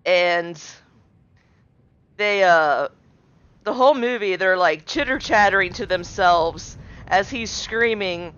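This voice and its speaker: A woman, a streamer's wife, telling an anecdote in a lively, casual way. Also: fairly low pitch, takes it slowly, pauses often, clear, resonant tone. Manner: animated storyteller, lively quoting. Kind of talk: casual storytelling. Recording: dry, dull lo-fi mic.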